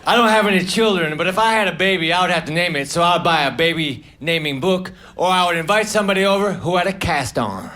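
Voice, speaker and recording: Guy doing deadpan standup, kinda high voice, noisy live recording. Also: quick pace, hardly any pauses. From United States. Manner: deadpan, short one-liners. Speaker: stand-up comedian. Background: audience laughter.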